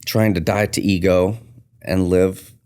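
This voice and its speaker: A man's voice: sits low, unhurried, smooth. A man, a tattoo artist and shop owner, telling an earnest story in a casual podcast interview and acting out the dialogue. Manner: earnest, animated retelling with quoted dialogue.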